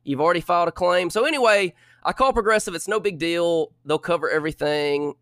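Animated young man, higher voice. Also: a little fast, dry recording, clean studio sound. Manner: animated, exasperated retelling. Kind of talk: casual storytelling.

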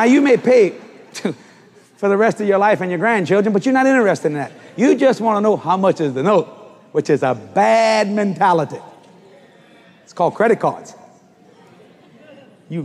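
An older preacher spins a story from the pulpit. His husky voice sits high and leaps around as he acts out each person's lines, rising to shouts at the climax. It rings out with long reverb across a large hall. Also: expressive, normal speed, pauses often. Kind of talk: storytelling sermon.

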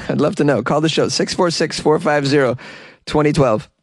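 A man's voice: fairly high pitch, normal speed, dry recording. Easygoing male podcast host, dry sound. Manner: easygoing, chatty, many fillers and restarts; breaks into laughter. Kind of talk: casual solo podcast, reading listener mail.

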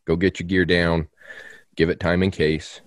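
Chill guy with a real low voice, laughs a lot, ribs his buddy, dry close mic. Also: flat delivery, moderate pace, no room sound. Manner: laid-back, laughs often, teasing. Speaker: podcast co-host. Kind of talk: casual hunting chat.

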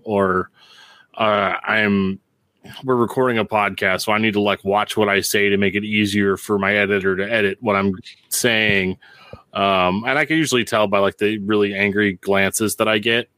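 A man's voice: fairly low pitch, bright, forceful tone, no echo. A man co-hosting a podcast in casual chat, self-deprecating and a little hesitant. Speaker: podcast co-host.

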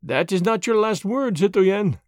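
A man voicing a sly, insinuating male French spy who speaks slowly and low in a storybook reading. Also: animated, no room sound, clean studio sound.

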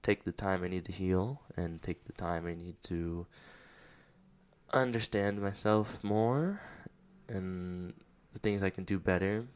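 A man's low-pitched, smooth voice takes things slowly as he hosts a personal podcast about his struggles. Close to tears, he talks candidly and emotionally, rambling with plenty of fillers.

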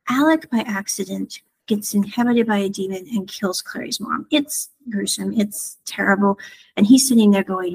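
Woman reviewer, breathy voice, easygoing rambling delivery for a casual series review. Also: mid-range voice, rough recording. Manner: rambling, digressive, animated retelling.

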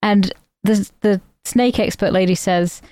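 A woman's voice: medium pitch, a little slow, mellow, dry recording. A woman co-hosting a podcast, telling a rambling comedy aside and swearing casually. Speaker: podcast co-host. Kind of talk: casual chat.

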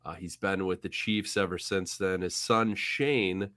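A man's voice: low-pitched, fairly even intonation, a little slow, fairly bright tone, dry recording, studio quality. A young man co-hosting a casual sports podcast, wry and mocking as he talks the team through. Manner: wry, mocking, slips into silly put-on voices. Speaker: podcast co-host.

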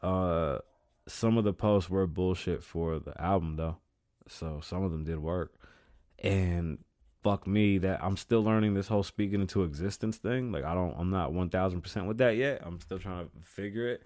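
A man hosting his own podcast, rambling and swearing, mixing English and Spanish, and high. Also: moderate pace, darkish tone. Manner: loose, swearing, switching between English and Spanish. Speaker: podcast host. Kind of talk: rambling profane monologue. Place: studio.

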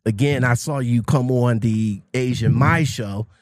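A man hosting a casual interview, speaking informally and gently with lots of fillers. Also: medium pitch, unhurried, dry recording, clean studio sound. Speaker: interview host.

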